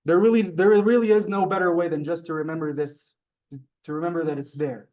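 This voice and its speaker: A man teaching a live beginners' Hebrew class, halting and repeating words, polite to his students. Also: on the high side, steady tone, darkish tone.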